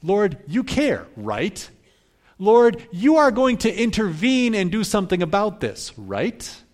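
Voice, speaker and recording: A man's voice: high-pitched, big pitch swings, slow, fairly bright tone, husky, heavily acted. A man doing an exasperated overworked woman. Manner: exasperated, pleading then commanding. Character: frustrated woman host, overworked and demanding.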